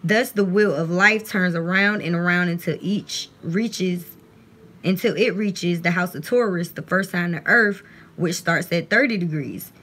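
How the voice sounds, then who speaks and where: A woman's voice: lowish voice, unhurried, fairly bright tone. A woman doing a casual, chatty live-stream tarot reading on her phone at home, partly reading aloud from a guidebook.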